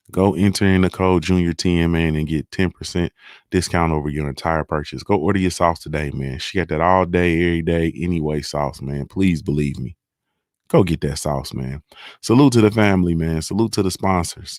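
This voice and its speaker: Man, very low voice, relaxed repetitive host banter, sponsor shout-outs, dry room. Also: no echo. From Ohio. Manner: laid-back, repeats "man" and "you feel me", drawn-out sponsor plugs. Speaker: morning show host. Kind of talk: casual solo talk show monologue.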